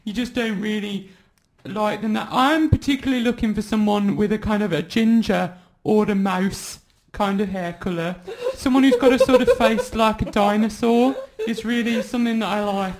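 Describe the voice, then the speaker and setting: High-voiced man with dry asides. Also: normal speed, few pauses, a little hiss or hum. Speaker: performer. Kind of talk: comic live performance chat.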